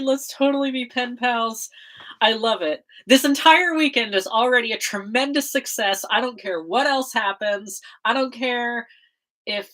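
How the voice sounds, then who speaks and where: A woman's voice: on the high side, lively intonation, normal speed, a bit bright. A young American woman chatting casually on a livestream, bubbly and giggly, full of fillers and laughter. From United States. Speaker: livestream host.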